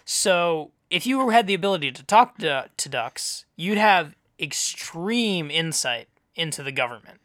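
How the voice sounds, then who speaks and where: A man hosting a podcast in casual chat, rambling with fillers and deadpan jokes. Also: fairly high pitch, a little slow, hardly any pauses, no echo. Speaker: podcast host.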